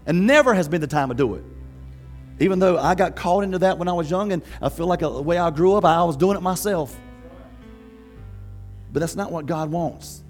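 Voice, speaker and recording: A man preaching a sermon as pastor, conversational and lively, laughing often and acting out quotes. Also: on the high side, a little fast, soft background music.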